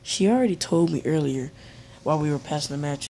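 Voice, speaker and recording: A man's voice: fairly high pitch, lively intonation, quick pace, creaky, noisy background. A young man tells a casual, rambling story while playing a game, acting out what people said in raised voices. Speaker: gaming video creator.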